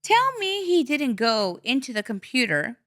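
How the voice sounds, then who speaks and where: Middle-aged lady host, bright higher voice, blunt and swears a lot, dry close sound. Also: measured pace, dry recording. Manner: blunt, animated storytelling with swearing. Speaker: podcast host. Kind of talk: casual chat.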